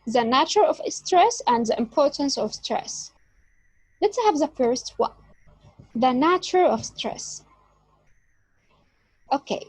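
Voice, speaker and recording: Slow, high-pitched woman teaching English. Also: darkish tone, no echo, poor audio. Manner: slow, emphatic teaching delivery. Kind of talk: online lecture.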